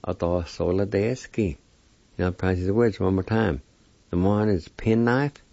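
A man giving a slow spelling and pronunciation lesson, spelling out letters and repeating syllables one by one. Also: on the low side, warm tone, no echo. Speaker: language teacher. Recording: muffled lo-fi recording.

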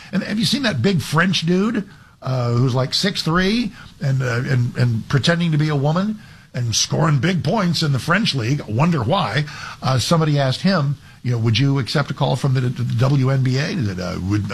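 Filling in as a talk radio host, a man delivers an opinionated monologue in a conversational way, restarting often. His voice is medium-pitched and husky.

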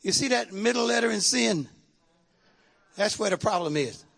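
A man preaching a sermon to his congregation, calling out to the crowd and shouting at the peaks. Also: sits high, animated, moderate pace, creaky, breathy edge. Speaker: pastor. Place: church sanctuary.

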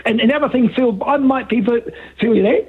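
A man's voice: very high-pitched, normal speed, husky. An Australian man calling in to a talkback radio show, talking in a rambling, repetitive and emphatic way. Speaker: caller. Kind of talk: talkback radio phone call. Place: phone call into a radio show. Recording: dull lo-fi phone line.

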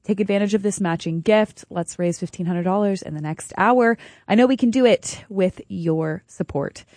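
A woman's voice: mid-range voice, moderate pace, a little mellow, dry recording. A woman co-hosting a radio pledge drive, friendly and persuasive, often laughing. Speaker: radio station fundraising co-host. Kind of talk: on-air fundraising chat. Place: radio studio. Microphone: studio microphone.

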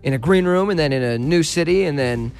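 A man talking as a touring musician guest on a radio interview, relaxed and rambling, with many fillers and restarts. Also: on the high side, brisk, vocal fry, smooth, faint music behind.

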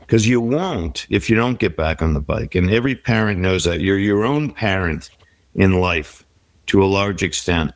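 A man's voice: on the low side, animated, moderate pace, no echo. A middle-aged man speaking as an interview guest, reflective and encouraging as he gives life advice. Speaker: guest author. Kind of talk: conversational interview.

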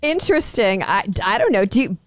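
Lively female radio co-host, quick reactions. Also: medium pitch, no room sound. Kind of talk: casual talk radio banter.

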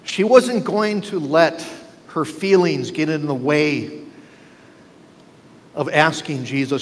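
A male pastor preaching a sermon, driving his points home with rhetorical questions to the congregation. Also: a little high. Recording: long reverb with faint ambience.

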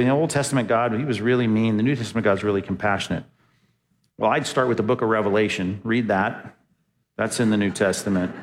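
A pastor giving a sermon in a conversational, emphatic style, asking rhetorical questions. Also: male voice, mid-range voice, big-room sound.

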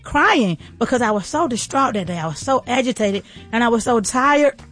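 A woman's voice: fairly high pitch, animated, normal speed, a bit bright, soft background music. A woman hosting a motivational, faith-based talk show, speaking in a casual, folksy, preacher-like way. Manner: fervent, preacher-like encouragement. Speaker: podcast host and entrepreneur.

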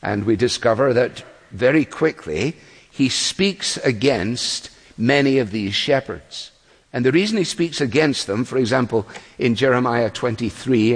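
A man preaching a sermon, opening with prayer and then explaining the passage in an earnest, measured way. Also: mid-range voice. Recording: long hall reverb.

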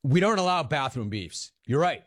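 The call-in show host has a fairly high, fairly bright voice and an animated, moderate-paced delivery. He banters with callers in a joking, sing-song manner.

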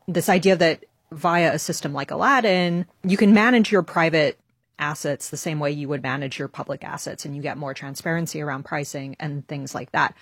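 A woman co-hosting a podcast, asking measured, articulate interview questions. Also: low voice, no echo, clean studio sound. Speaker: podcast co-host.

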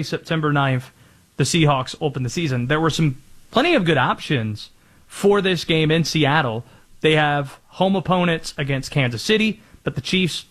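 A man's voice: a little high, a bit bright. A man hosting a sports talk show, laying out the schedule news and pushing back confidently in debate.

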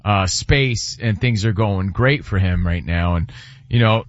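A man co-hosting a sports radio show, talking in casual banter with a measured, reasoning tone. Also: fairly low pitch, no room sound, lo-fi sound.

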